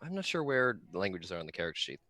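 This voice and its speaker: A man's voice: deep voice, very fast, no room sound. A man playing a tabletop role-playing game in casual chat, joking playfully. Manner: playful, jokey, lively.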